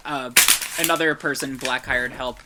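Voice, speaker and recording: A man's voice: mid-range voice, steady tone, moderate pace, heavy background noise. A man guesting on a podcast, recapping a movie in casual chat with lots of fillers and the odd swear. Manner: rambling plot recap full of fillers and swearing.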